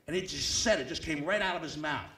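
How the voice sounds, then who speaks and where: A man emceeing a live event, telling a comic story with loud animated bursts and hushed deadpan asides. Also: fairly high pitch, fast talker. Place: banquet hall at a club event. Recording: echoey hall, distant mic.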